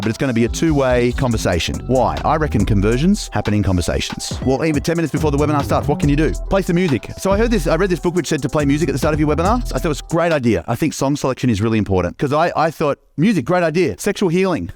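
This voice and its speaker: A middle-aged man with an Australian accent, giving an animated seminar talk and asking the audience questions. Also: a little high, music in the background. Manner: animated, quick, asks the crowd questions. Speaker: business coach.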